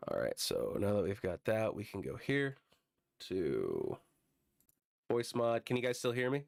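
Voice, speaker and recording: A man streaming a video game, chatting casually and bantering with viewers, his voice a bit hoarse from a recent illness. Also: on the low side, huge pitch swings, measured pace, no room sound. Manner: joking, bantering with chat.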